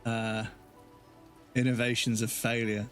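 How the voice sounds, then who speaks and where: A man streaming a game live, talking off the cuff at a middling pitch and wandering from story to story. He swears freely and laughs into his own anecdotes. The game's music plays clearly behind his voice. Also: little pitch movement, a little slow. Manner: rambling, swears a lot, laughs while telling stories. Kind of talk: casual live-stream chat while gaming.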